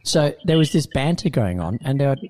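A man telling an animated story in casual studio chat, laughing often. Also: medium pitch, a little fast, slight background noise.

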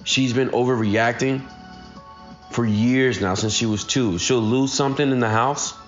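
A man's voice: medium pitch, fairly even intonation, a little slow, lo-fi sound, faint music behind. A man in his thirties giving a casual, earnest motivational talk straight to his listeners. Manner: earnest, addresses listeners directly. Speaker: motivational speaker.

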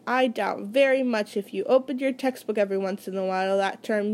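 A woman's voice: mid-range voice, brisk, hardly any pauses, a little mellow. A woman reading a first-person novel aloud in a casual, conversational way, with small slips and restarts. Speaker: reader.

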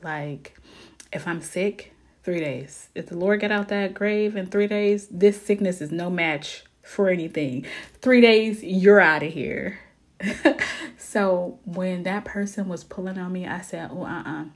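A woman talking to her viewers in a casual, heartfelt chat about faith. She is earnest and sometimes drops to soft near-whispers before bursting into lively emphasis. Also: on the low side, measured pace. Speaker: vlogger sharing her faith. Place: home in Ohio.

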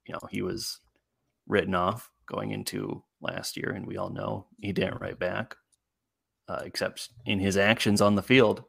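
A man's voice: lowish voice, little pitch movement, measured pace, gravelly, a bit bright, slightly rough, no echo, clean studio sound. A man on a casual sports talk panel, speaking hesitantly with repeated words and many ums. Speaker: co-host panelist.

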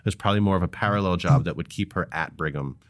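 A man with a very low, deep voice co-hosts a podcast, chatting casually and laughing often. His talk is halting and full of restarts. The sound is dry and close, with no room at all. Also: dry recording. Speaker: podcast co-host.

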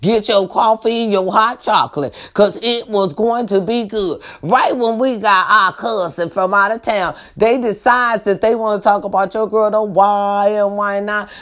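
A woman's voice: mid-range voice, measured pace, hardly any pauses, fairly bright tone. Blunt, profane woman ranting to viewers. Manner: blunt, profane, keeps asking the audience for agreement. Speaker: vlogger. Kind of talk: casual rant to viewers.

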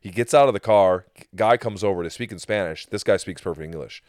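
A man's voice: low-pitched, fairly quick, no echo, studio quality. A man hosting a podcast, telling a travel story in casual chat, swearing and acting out the people he met. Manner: animated storyteller, swears, acts out quotes. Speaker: podcast host.

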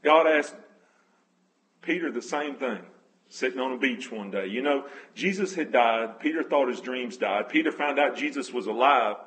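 A man's voice: medium pitch, animated, normal speed, a bit bright, low-quality recording. A man preaching a conversational sermon, telling scripture stories earnestly and correcting himself as he goes. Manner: emotional, moved near tears.

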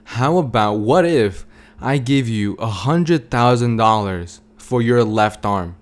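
A gentle, polite God who speaks calmly and patiently, as a man voices him in a story. His voice is the storyteller's own, at a middle pitch for a man. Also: takes it slowly. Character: calm kindly male God on earth.

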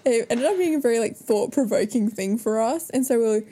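A woman's voice: fairly high pitch, fairly quick, dark tone, breathy edge. A young woman co-hosting a podcast, chatting casually and giggling with lots of fillers. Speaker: podcast co-host. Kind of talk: casual chat.

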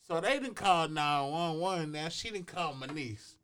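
Animated, profane male talk-show co-host. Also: on the high side, unhurried, a little hiss or hum. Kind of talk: casual storytelling chat. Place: radio studio.

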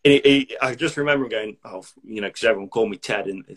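A man, a military veteran talking casually and bluntly, swearing freely with dark humour. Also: fairly low pitch, fast talker, slightly rough. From Derby, England. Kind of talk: casual podcast chat.

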